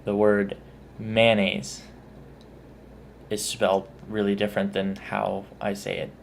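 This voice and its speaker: Texan man, casual self-deprecating vlogger, unhurried delivery. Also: fairly low pitch, monotone, vocal fry, a little hiss or hum. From Texas. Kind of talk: casual accent-tag vlog.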